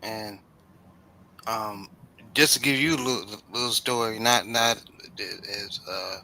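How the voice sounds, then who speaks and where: A man in casual chat, talking in a laid-back, drawn-out way with many fillers. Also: lowish voice, sharp tone, rough recording. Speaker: co-host.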